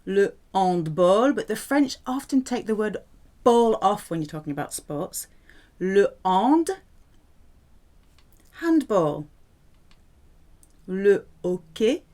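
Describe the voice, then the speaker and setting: Slow, lively woman teaching French. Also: mid-range voice. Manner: lively, clear teaching delivery with playful asides. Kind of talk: language lesson.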